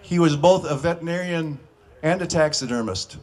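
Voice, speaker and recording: A man telling short stand-up jokes in a folksy way, with filler pauses and restarts. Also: on the high side, a little mellow. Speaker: comedian.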